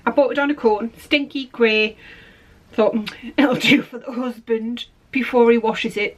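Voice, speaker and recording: A woman's voice: a little high, a bit bright, low-quality recording. A woman hosting a podcast in a casual, rambling, self-deprecating chat. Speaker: podcast host.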